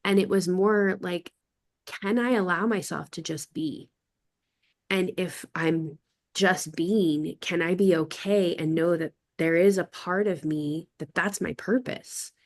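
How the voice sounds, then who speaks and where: A woman's voice: on the low side, takes it slowly. A woman talking reflectively in a casual group conversation, wandering through her thoughts and acting out quoted phrases.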